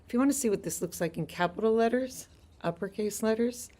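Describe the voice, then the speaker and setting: A woman's voice: fairly high pitch, brisk, warm tone. A woman teaching a Greek lesson on a live stream from a house deck outdoors. She explains things patiently and laughs easily.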